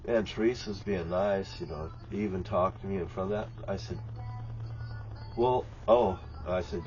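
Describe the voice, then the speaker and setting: A man's voice: sits low, steady tone, normal speed, a little mellow, dull audio, soft background music. A man, talking to the camera from his RV in a bitter, profane, rambling rant. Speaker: vlogger. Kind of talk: rambling angry vlog monologue. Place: inside an RV lit by candles.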